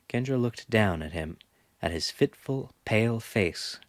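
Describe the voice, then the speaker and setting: Audiobook narrator: man, low register, unhurried, expressive delivery. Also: no room sound, clean studio sound. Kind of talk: scripted narration.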